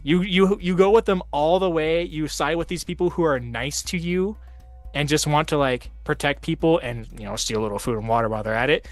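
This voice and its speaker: A slightly high, somewhat bright male voice, with no room sound, belongs to a tabletop stream host. He chats casually about gaming, drifting through long stories stuffed with "like."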